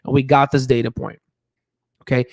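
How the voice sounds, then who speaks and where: On his stock market channel, this host delivers casual analysis with lots of emphasis, repeated words, fillers, and tag questions like "okay?" His mid-range voice is flat and moderately paced, recorded cleanly in a studio with no room sound.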